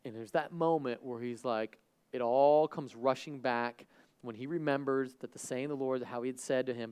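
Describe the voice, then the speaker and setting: A man preaching a sermon, who acts out the people in the story and swings from loud and excited to hushed and earnest. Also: medium pitch, a little fast, clean tone. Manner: talks to a live congregation, asks them questions. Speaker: pastor.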